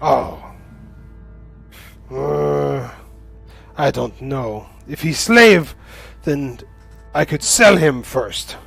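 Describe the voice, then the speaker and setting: A man's voice: fairly high pitch, drawn-out words, creaky, long pauses, fairly bright tone, breathy edge, no room sound, faint music behind, exaggerated voice. A man voicing a greedy male goblin chieftain who speaks in broken English and haggles bluntly over prisoners and loyalty. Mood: scheming.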